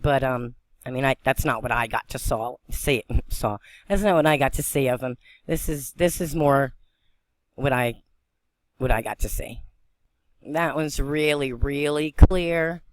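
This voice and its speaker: A woman from western Pennsylvania vlogging on a phone, excitable and rambling as she talks, often breaking into laughter. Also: rumbling low, unhurried, no echo. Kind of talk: excited spiritual vlog narration.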